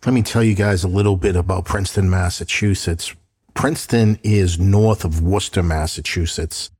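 A man's voice: deep voice, fairly even intonation, moderate pace, a little mellow, husky. A middle-aged man hosting a true crime podcast in a chatty way, calling listeners guys, his voice slightly off from allergies. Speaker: podcast host and private investigator.

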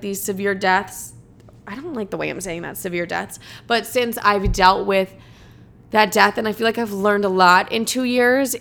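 Young woman vlogger, mid pitch, casual and raw, lots of "like" and cursing. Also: a bit bright. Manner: casual, swears often, heavy use of "like". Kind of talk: candid personal storytelling to camera.

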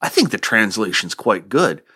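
A man's voice: fairly low pitch, sing-song, moderate pace, sharp tone, slightly rough. A man hosting a literature podcast, lecturing with wry joking asides and reading a poem aloud. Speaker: podcast host.

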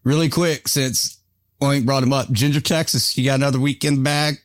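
A man hosts a veterans' podcast with blunt, profane humor. His voice sits at a middle pitch. The recording is dry and close. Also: steady tone, normal speed, no room sound. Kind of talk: casual chat.

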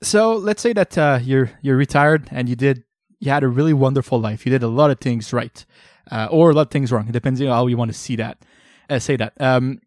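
A man's voice: medium pitch, brisk, few pauses, darkish tone, no echo, clean studio sound. A man co-hosting a casual chat, leading the talk with plenty of ums and uhs. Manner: hesitant, many fillers, sets up questions. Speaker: podcast co-host.

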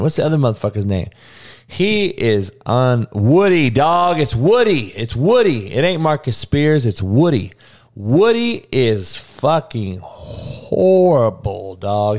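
A man hosting a podcast, ranting loudly and mocking how words are said, swearing constantly. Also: medium pitch. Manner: loud, animated, mocking pronunciations, swears constantly. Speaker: podcast host. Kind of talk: profane comedic podcast rant.

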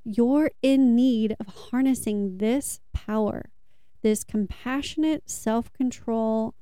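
A woman giving a tarot reading and earnest self-help talk to viewers, soothing and deliberate. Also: a little high, mellow, clean tone, no echo, studio quality. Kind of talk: slow reflective talk to viewers.

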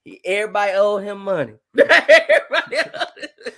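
A man hosting a casual podcast chat, telling animated stories and slipping into exaggerated voices. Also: high-pitched, normal speed. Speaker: podcast host.

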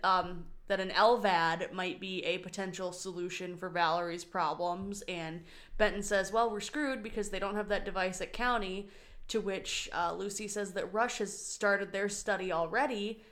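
A woman's voice: mid-range voice, fairly bright tone. A woman co-hosting a casual podcast and recapping a TV episode. She talks in a chatty, teasing way and acts out the characters' lines as she goes. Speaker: podcast co-host.

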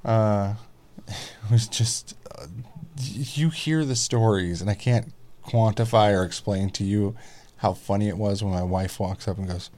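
A man in his thirties chatting casually as a podcast guest, telling family stories animatedly, swearing freely and mimicking squeaky kid voices. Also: moderate pace, darkish tone. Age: 30s. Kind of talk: casual chat.

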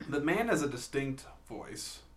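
A man's voice: fairly high pitch, very animated, slow pace. A young adult man hosting a casual podcast chat, rambling with frequent restarts. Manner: rambling, lots of likes and restarts. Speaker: podcast host.

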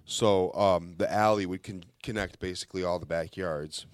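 A young man casually telling a childhood story to friends on a podcast, animated and laughing through the punchlines. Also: low voice, normal speed, no room sound, studio quality.

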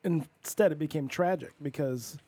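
Casting: male podcast co-host, light high voice, bouncy and jokey, dry close sound. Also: warm tone, no echo. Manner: quick, joking back-and-forth with short interjections. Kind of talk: casual chat.

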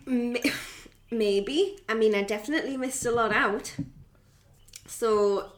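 A woman's voice: a little high, takes it slowly. A woman hosting a podcast in casual, giggly banter. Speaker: podcast host. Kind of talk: casual chat.

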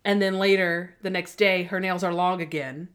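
A woman co-hosting a podcast, casually recapping a TV episode in an animated way, full of "like"s. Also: lowish voice, normal speed, clear, resonant tone. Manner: animated retelling with many "like"s, acting out scenes. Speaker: podcast co-host.

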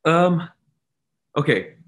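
A man's voice: fairly high pitch, very animated, slow pace. Young man, emphatic casual guest. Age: 20s. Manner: emphatic, repeats his points firmly. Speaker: podcast guest, baker. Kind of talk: casual chat.

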